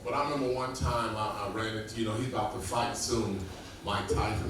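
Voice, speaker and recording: A man's voice: lowish voice, steady tone, fairly quick. A man telling profane stand-up stories in a loose, rambling manner, on stage at a comedy club. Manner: profane, loose storytelling with acted-out quotes. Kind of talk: stand-up storytelling. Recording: echoey, distant room mic with ambient noise.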